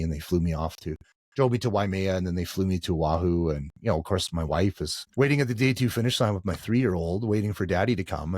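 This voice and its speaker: Middle-aged male guest, low register, conversational storytelling, dry mic. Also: no echo. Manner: storytelling, frequent restarts and "like". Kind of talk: conversational interview.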